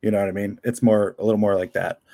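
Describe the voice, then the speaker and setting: A man with a fairly low voice talks about his work in a loose, rambling way. He fills his sentences with "like" and "uh" and laughs often as he goes. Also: flat delivery, quick pace, creaky, warm tone. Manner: rambling, chatty, laughs often, many fillers. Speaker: comic book creator. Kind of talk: casual interview chat.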